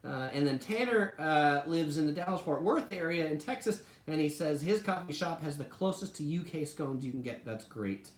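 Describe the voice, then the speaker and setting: A woman's voice: low voice, expressive, moderate pace, few pauses, a little mellow, reverberant. A woman hosting a casual live stream about food, chatty and full of "like" fillers. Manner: chatty, heavy use of "like" fillers. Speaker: travel channel host.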